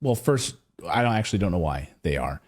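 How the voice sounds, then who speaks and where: An American man hosting a political commentary show in a sarcastic, animated, mocking manner. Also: low voice, a little fast. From United States. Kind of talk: opinion commentary.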